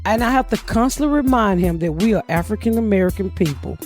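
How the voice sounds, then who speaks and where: Animated, profane woman comedian host. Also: mid-range voice, fast talker, soft background music. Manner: loud, profane, animated storytelling. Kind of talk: casual chat.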